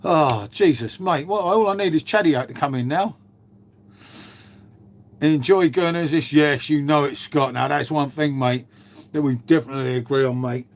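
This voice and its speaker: A middle-aged man talks casually on a livestream, answering chat in a laid-back, rambling way. He swears freely and leans on mate and innit. His voice sits a touch higher than most men's. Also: normal speed. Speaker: livestream host reading chat.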